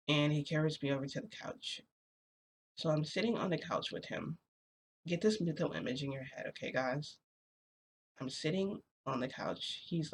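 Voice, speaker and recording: A woman's voice: sits low, gravelly, slight background noise. Rambling young woman telling a story. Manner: rambling, many "like" fillers. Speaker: vlogger. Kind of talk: casual storytime.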